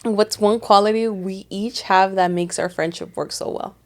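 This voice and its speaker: A young woman co-hosting a casual podcast chat, animated, laughing and swearing freely. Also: mid-range voice, moderate pace. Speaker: podcast co-host.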